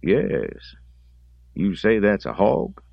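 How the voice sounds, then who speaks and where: A man voicing a contemplative, slightly drunk rural man with a Southern accent who speaks in a slow, wry drawl. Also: on the low side, big pitch swings, gravelly, no echo, lo-fi sound, pitched above the performer's own voice, heavily acted.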